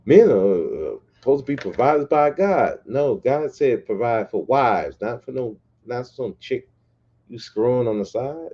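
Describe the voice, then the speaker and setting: A man's voice: medium pitch, animated, a little slow, dark tone, husky, muffled recording. Blunt, profane man ranting. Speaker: podcast host. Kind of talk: casual livestream rant.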